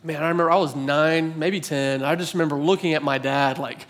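A man in his thirties preaching a sermon, telling a personal story in a conversational, animated way with filler words. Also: on the high side, fairly quick, hardly any pauses. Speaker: pastor.

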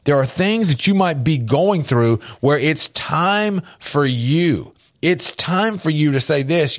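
This radio host's voice is a little high and animated, slow-paced yet with hardly any pauses. He gives an earnest, emphatic faith-based motivational talk from a large-windowed studio, repeating key phrases for effect.

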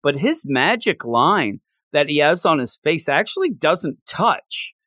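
A man co-hosting a casual chat, animated and excitable, slipping into quoted voices. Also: a little high, unhurried, no room sound, studio quality. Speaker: podcast co-host.

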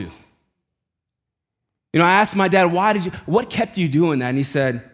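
A man's voice: lively intonation, measured pace, long pauses. Casual-talking male preacher telling stories. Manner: conversational, casual slang, voice drops low and quiet for quoted lines. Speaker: pastor. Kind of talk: sermon with personal storytelling.

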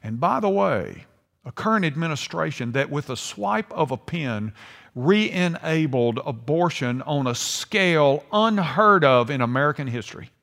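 An older man preaching a sermon, swinging between hushed and emphatic delivery. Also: a little high, expressive, unhurried, vocal fry. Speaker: pastor. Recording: long hall reverb.

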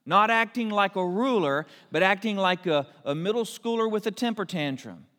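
A man preaching a sermon, telling a Bible story with lively asides and briefly acting out the characters. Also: sits high, normal speed. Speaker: pastor. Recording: long hall reverb.

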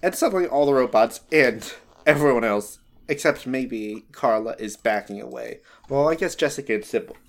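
A man running a casual tabletop role-playing game as game master, quick to exclaim at big rolls. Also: medium pitch, expressive. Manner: casual, reacts with loud exclamations.

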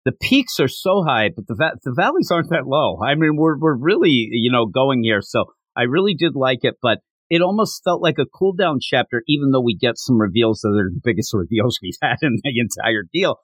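A man chats through a manga podcast in a loose, joking way, trailing off and restarting as he goes. His pitch rises and falls a lot. The sound is dry and close, with no room echo. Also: big pitch swings, a little fast, few pauses. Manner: rambling, self-interrupting, joking. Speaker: podcast host. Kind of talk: casual podcast chat.

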